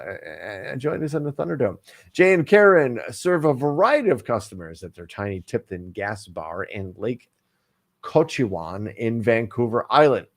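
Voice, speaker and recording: A man co-hosting a casual online talk show, reading a news story aloud with hammy jokes, stumbles and asides. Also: mid-range voice. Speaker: podcast co-host.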